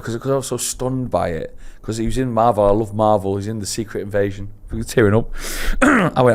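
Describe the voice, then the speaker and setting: A man co-hosting a casual podcast, telling a story with animated embarrassment. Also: fairly low pitch, a little fast, hardly any pauses. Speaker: podcast co-host.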